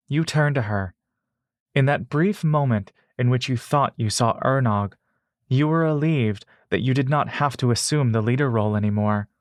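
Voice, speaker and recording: A man narrating a fantasy adventure story in the second person, in a measured, steady way. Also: mid-range voice, no room sound, studio quality.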